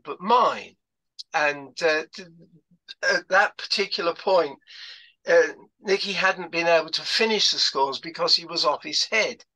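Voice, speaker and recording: Bright-voiced older man telling stories. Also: a little high, rough recording. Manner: rambling storyteller with many fillers and restarts. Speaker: guest speaker. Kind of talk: anecdotal talk on a video call. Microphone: video call.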